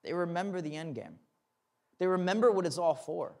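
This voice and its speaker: A man's voice: sits high, a little fast, darkish tone. A young man, a pastor, telling a personal story in a sermon, acting out the dialogue and then preaching earnestly.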